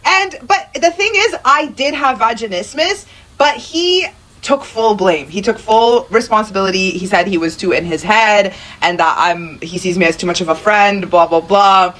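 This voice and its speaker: A woman hosting a podcast, reacting with quick, sympathetic comments and sharing her own story in conversation. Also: mid-range voice, a bit bright, rough recording. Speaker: podcast host. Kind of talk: conversational interview.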